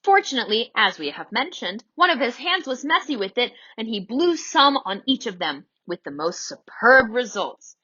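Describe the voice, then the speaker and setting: A woman reading a children's story aloud in an animated, theatrical way. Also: on the high side, normal speed, few pauses, slightly rough, muffled recording.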